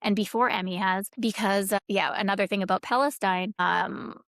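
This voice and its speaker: A woman guest on a podcast tells stories casually and ramblingly, full of fillers and quoted dialogue. Her medium-pitched voice is fairly bright with fairly even intonation at a normal speed, recorded cleanly in a studio with no echo.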